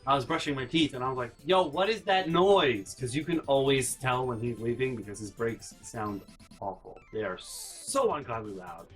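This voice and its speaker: A man's voice: medium pitch, moderate pace, soft background music. A man telling a story as a vlog host, exasperated and incredulous, sick and a little out of breath. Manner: exasperated, incredulous rants with repeated no's. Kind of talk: casual storytelling monologue.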